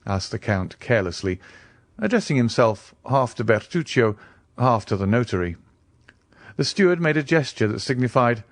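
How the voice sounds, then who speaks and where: A man narrating a classic novel as an audiobook, in a measured, expressive storytelling manner. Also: lowish voice, dry recording, studio quality. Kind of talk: scripted narration.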